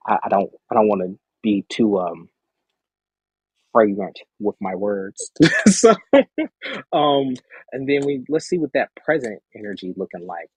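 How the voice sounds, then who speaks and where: Guy doing a tarot stream, bit husky, voice jumps all over, dry close sound. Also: on the low side, no echo. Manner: animated, encouraging, talks straight to the listener; murmurs and hums while reading cards. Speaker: tarot reader host. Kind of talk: live-streamed tarot reading.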